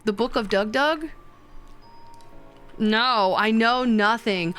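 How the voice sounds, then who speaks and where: A young woman streamer chatting with her viewers, rambling and excitable, with many fillers and sudden high squeals. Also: slow pace, pauses often, clean tone, soft background music. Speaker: VTuber streamer. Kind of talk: casual stream chat with viewers.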